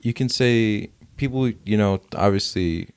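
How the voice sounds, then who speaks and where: A man's voice: fairly low pitch, unhurried, a little mellow, clear, resonant tone. A young man talking loosely as a guest in casual conversation, with plenty of fillers and restarts.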